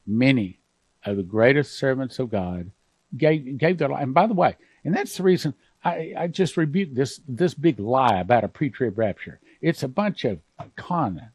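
A man preaching on a studio program in a fervent, emphatic way. His voice sits at a middle pitch and sounds dry and close. He swings between forceful declarations and hushed, emotional asides. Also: lively intonation, moderate pace, husky, no room sound. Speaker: pastor. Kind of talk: emotional televangelist sermon.

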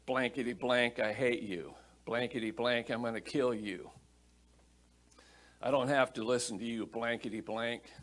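A preacher putting on an indignant demon. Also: male voice, medium pitch, steady tone, a little slow, a bit bright, lightly acted. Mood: defiant. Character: defiant shrieking male demon, vulgar. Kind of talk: sermon illustration.

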